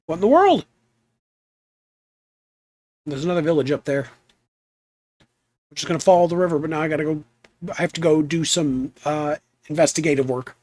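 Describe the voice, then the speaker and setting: A man's voice: a little high, normal speed, pauses often, a little mellow, no echo. Chatty streamer man, dry close sound. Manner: rambling, chatty, trails off into asides. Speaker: game streamer. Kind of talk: relaxed live stream chat.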